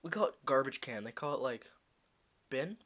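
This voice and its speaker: A man's voice: mid-range voice, lively intonation, moderate pace, fairly bright tone. A young man co-hosting a casual podcast, joking, swearing freely and laughing often. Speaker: podcast co-host. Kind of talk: casual chat.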